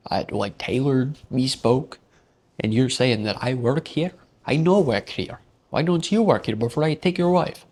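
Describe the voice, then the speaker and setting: A man putting on a high, indignant voice for an arrogant rich diner who swears and brags about his tailored clothes. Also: big pitch swings, moderate pace, mellow, husky, full character voice. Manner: shrill, indignant, profane. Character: haughty rich man, puffed-up and insulting.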